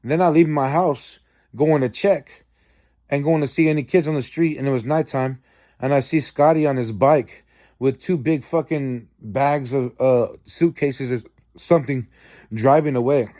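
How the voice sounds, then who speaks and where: A man tells the story of a dream in an unhurried, mellow voice, rambling and profane, with many fillers and restarts. When he quotes lines, he acts them out with sudden pitch jumps.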